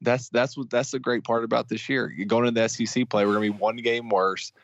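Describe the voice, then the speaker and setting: A man co-hosting a sports podcast who talks in a halting, rambling way with many restarts, like an excitable fan. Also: medium pitch, dry recording, dull audio. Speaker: podcast co-host. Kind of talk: casual sports talk.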